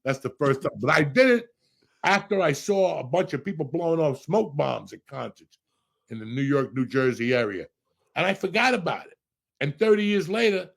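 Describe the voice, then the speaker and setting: A middle-aged man hosting a podcast, a loud, profane storyteller with a gravelly, husky voice. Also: fairly high pitch. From Cuba. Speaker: podcast host.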